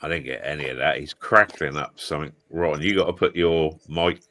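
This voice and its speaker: A man's voice: a bass voice, a little fast, pushed and bright. A man on a live stream panel, joking crudely and swearing in casual banter. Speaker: panel member.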